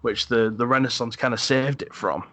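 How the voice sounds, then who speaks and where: A man hosting a podcast, chatting casually about films, halting and repeating words as he thinks. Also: medium pitch, fairly even intonation, a bit bright, dry recording. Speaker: podcast host. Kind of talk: casual film discussion.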